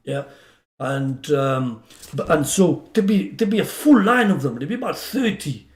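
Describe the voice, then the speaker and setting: A middle-aged man from England, a lawyer guest on a podcast, telling funny anecdotes with a laugh and lively quoted voices. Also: on the high side, unhurried, roomy sound.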